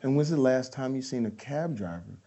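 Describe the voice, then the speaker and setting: A man doing an impression of a blunt, exacting film director, speaking low and flat in a quiet lecturing way. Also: a little fast, lo-fi sound. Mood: calm lecturing.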